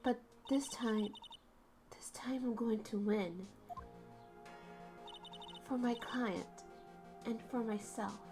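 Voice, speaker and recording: A woman's voice: fairly high pitch, takes it slowly, pauses often, over music, pitched below the performer's own voice. A woman voicing a nervous young rookie lawyer who talks in a flustered, defensive way. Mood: determined.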